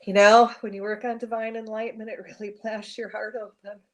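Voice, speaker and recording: Middle-aged host, heartfelt storyteller, mid-pitched woman. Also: little pitch movement, brisk. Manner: emotional, heartfelt. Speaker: show host. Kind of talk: storytelling narration.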